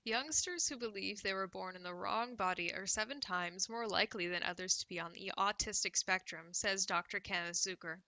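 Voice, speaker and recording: A woman's voice: mid-range voice, moderate pace, few pauses, pushed and bright, no echo, rough recording. A woman from Canada with a Canadian accent, hosting a casual livestream and reading news with sarcastic asides. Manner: sarcastic, laughs often, drinks cider on stream. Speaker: livestream host.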